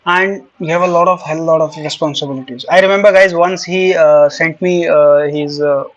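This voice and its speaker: A man with a high, light voice asks his questions as a French teacher. He talks casually and keeps stopping on "uh" and "you know" while he gets his thoughts together. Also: fairly even intonation, normal speed, muffled recording. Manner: hesitant, many fillers and restarts. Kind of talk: casual interview.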